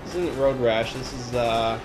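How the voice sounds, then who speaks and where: Unhurried and mid-range in pitch, a man comments casually as he plays a video game with its music behind him. He's exasperated, curses frequently, and lets out yelps of frustration in this let's-play.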